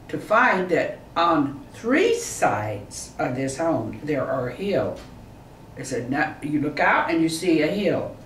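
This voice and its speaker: An older woman chatting casually about her family, rambling and halting with frequent laughs, recorded far from the mic in an echoey room. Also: on the low side. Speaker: mother chatting with a companion. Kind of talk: casual chat. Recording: roomy echo, distant from the mic, faint noise.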